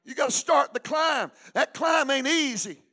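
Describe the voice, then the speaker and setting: A man pastor preaching a sermon in church, rising into shouts and a sing-song cadence and calling for the congregation to respond. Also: very high-pitched, animated, measured pace.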